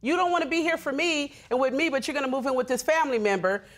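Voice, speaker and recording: Indignant animated woman in her thirties. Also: high-pitched, rapid-fire. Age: 30s. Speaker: litigant. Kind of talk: courtroom TV testimony.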